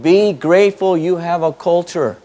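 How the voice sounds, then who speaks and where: A high-pitched man with a dark tone teaches at a moderate pace before a live audience in a hall. As a spiritual teacher, he speaks emphatically and repetitively, peppering his talk with rhetorical questions.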